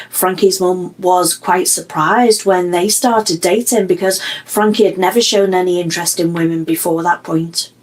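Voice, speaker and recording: A woman, giving measured, explanatory commentary in a true crime documentary. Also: lowish voice.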